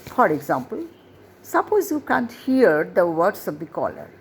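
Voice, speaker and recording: A woman's voice: lowish voice, sing-song, slight background noise. A woman English teacher, explaining a lesson step by step and repeating key phrases. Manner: explains slowly, repeats phrases, asks rhetorical questions. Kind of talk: classroom-style lesson explanation.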